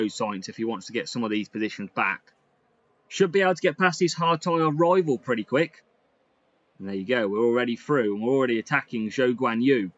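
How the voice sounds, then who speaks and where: A man giving lively, excitable commentary over a racing game he is playing. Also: medium pitch, dull audio. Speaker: gaming YouTuber. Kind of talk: gameplay commentary.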